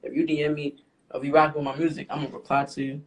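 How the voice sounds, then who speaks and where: A young man, a rapper guest, talking casually and haltingly with lots of fillers. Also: a little high, flat delivery. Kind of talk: casual interview talk. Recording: faint background noise.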